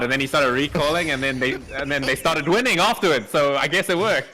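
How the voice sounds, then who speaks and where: A man with a bright, forward voice co-casts a live esports match. He talks loosely and conversationally, laughing between points and tossing in casual slang. His read on the game comes out relaxed. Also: a little high, quick pace. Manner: casual, chatty, laughs often, says dude. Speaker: esports co-caster.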